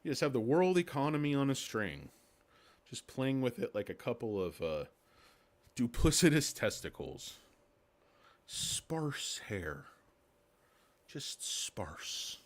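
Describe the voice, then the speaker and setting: Male livestream host, rambling and sarcastic, crude humor, mid-pitched voice. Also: very animated, normal speed. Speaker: stock market livestream host. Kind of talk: casual livestream commentary.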